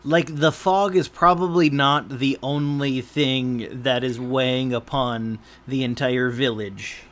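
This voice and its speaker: A man's voice: medium pitch, steady tone, slow pace, fairly bright tone. A man narrating as game master in a tabletop session, hesitant and full of fillers.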